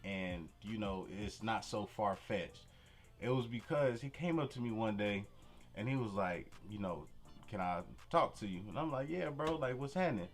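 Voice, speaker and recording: A man's voice: on the low side, normal speed. A young man casually telling a personal story to camera, full of slang and "you feel me" asides, with faint music behind. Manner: relaxed street slang, frequent "you feel me". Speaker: vlogger.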